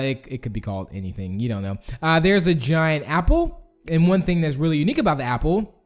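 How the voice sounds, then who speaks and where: A man's voice: fairly high pitch, a little mellow. Guy rambling thru a game tour, laughs at himself a lot, voice all over the place. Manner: rambling, self-deprecating, laughs often, many restarts. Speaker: gaming channel host touring community builds. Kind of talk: casual game commentary.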